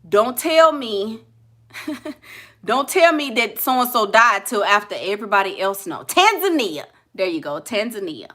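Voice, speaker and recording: Casting: bright, forceful young woman with a Houston drawl, blunt and laughing as she riffs on viewer comments. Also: a little high, very animated, measured pace. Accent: Southern US (Houston). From Houston, Texas. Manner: blunt, laughing, talks back to chat. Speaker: vlogger reading live comments. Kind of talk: casual chat.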